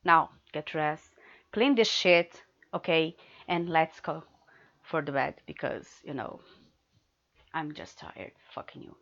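A woman performing an adult audio role-play in a teasing, commanding manner, swinging between hushed murmurs and loud outbursts. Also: sits low, slow, pauses often, highs cut off.

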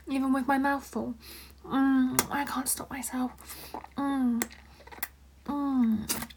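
A young woman in a whispered role-play, rambling and flustered, giggling and dropping into breathy whispers close to the microphone. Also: sits high, little pitch movement, slow, long pauses, a little mellow, a little hiss or hum. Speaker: audio role-play performer.

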